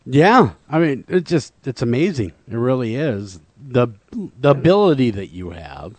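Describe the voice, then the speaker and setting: Man hosting with a lively voice. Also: medium pitch, moderate pace, no room sound. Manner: listening, with frequent affirmations. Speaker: host. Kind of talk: casual interview.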